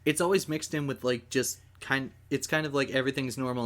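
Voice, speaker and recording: A man's voice: mid-range voice, brisk, hardly any pauses. Easygoing podcast host guy. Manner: relaxed, rambling, with filler ums. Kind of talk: casual film podcast chat.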